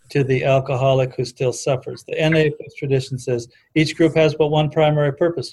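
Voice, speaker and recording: Man, higher-pitched, thoughtful talker who quotes texts from memory. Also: darkish tone. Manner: thoughtful, quotes literature from memory, frequent restarts. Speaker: discussion guest on recovery history. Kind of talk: casual conversation.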